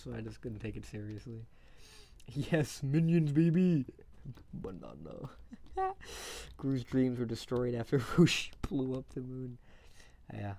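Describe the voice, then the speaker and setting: A man talks loosely on a casual live stream, rambling from thought to thought. He laughs often and swears freely. His voice sits at an ordinary middle pitch. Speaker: streamer reviewing movies.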